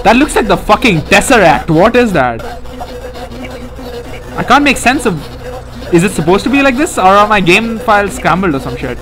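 A young man hosting a let's play, reacting excitably and profanely to a puzzle game as he plays. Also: high voice, moderate pace, pauses often, over music. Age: young adult. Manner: excitable, profane, often laughing. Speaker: gaming channel host.

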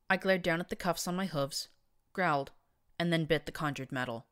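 Low-voiced woman reading a story. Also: fairly quick, clean tone. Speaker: audiobook narrator. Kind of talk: first-person fiction reading.

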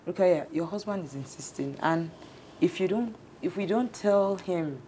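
A woman playing a low-voiced soothing talk show host. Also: normal speed, slight background noise, close to an everyday voice. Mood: calm. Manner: calm, soothing, repeatedly pleads for calm. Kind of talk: scripted drama acting.

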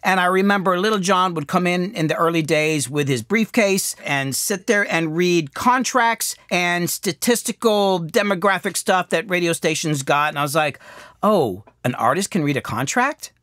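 A middle-aged man with a slightly raised voice tells candid, self-deprecating stories from his years as a music producer. He lifts into animated bursts, then drops low and hushed when he reflects. The recording is close and dry, with no room sound. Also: moderate pace, few pauses, clear, resonant tone, dry recording. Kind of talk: candid storytelling monologue.

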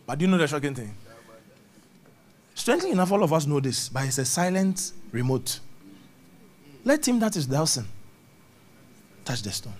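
High-voiced preacher, dramatic. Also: male voice, sing-song, normal speed, pauses often. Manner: dramatic, shifts between loud emphasis and low murmurs, laughs at own jokes. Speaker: pastor. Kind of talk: sermon.

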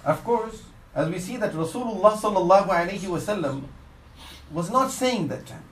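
A high-sitting male voice with lively intonation moves at normal speed through an English sermon peppered with Arabic religious phrases. The Islamic preacher tells his story earnestly, sinking his voice for the saddest parts, in a reverberant, low-quality recording with slight background noise.

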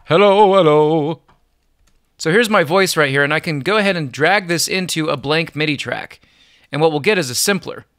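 A man giving an upbeat, relaxed music production software tutorial, chuckling now and then as he explains. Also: fairly high pitch, brisk, no echo, studio quality. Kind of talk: screen-recorded software tutorial.

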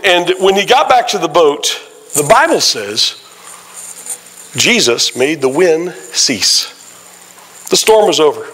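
A man preaching a sermon in a church, his voice pitched a little high for a man. His delivery is forceful and bright. He tells stories in an animated way, with frequent exclamations. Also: a little hiss or hum, rough recording. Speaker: guest pastor. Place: church sanctuary.

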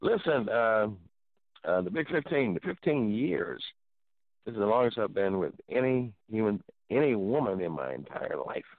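A middle-aged man hosting a talk show, telling a story in an animated, preacherly way and exclaiming often. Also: on the low side, normal speed, gravelly, no echo. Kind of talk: casual storytelling. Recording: dry tinny phone-like sound.

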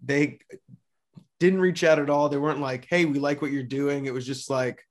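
A man's voice: fairly high pitch, steady tone, normal speed. A man hosting a casual podcast interview, asking questions with many fillers and restarts. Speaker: podcast host.

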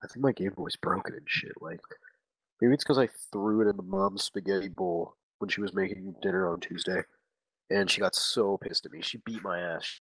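A man putting on a dopey eighteen-year-old slacker who rambles on in a crude, meandering drawl. The voice sits very low, close and dry, as if right on the mic. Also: normal speed, fairly bright tone, husky, no echo, rough recording. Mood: rambling. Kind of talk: improvised comic monologue.

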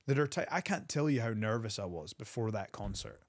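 Man telling a lively story. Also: dry recording, clean studio sound. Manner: animated storyteller, quick bursts of pitch. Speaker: wrestler guest. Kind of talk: storytelling interview.

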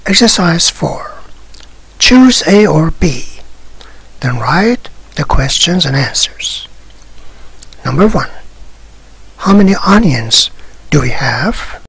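Very slow, soft-voiced teacher. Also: mid-range voice, sing-song, vocal fry, slightly rough, dry recording, poor audio. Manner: slow, soft, partly whispered explaining. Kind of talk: going through workbook exercises.

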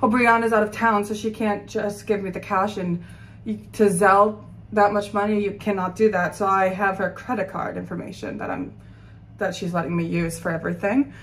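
A young woman in her twenties talks casually to her phone camera in her New York apartment, candid and self-mocking with lots of fillers. Her mid-range, fairly bright voice has fairly even intonation and a moderate pace. The low-quality recording has a little hiss or hum.

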